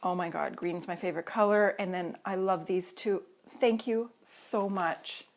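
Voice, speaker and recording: Woman vlogger from Canada, excitable and gushing, casual chat filmed at home on a tripod camera. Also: fairly low pitch, a little slow, slight background noise.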